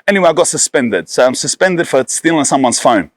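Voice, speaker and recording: A man's voice: on the high side, expressive, a little fast, no echo, clean studio sound. An Australian man in his thirties from Sydney, telling a story bluntly with heavy swearing and street slang. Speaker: storyteller guest. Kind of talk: casual storytelling.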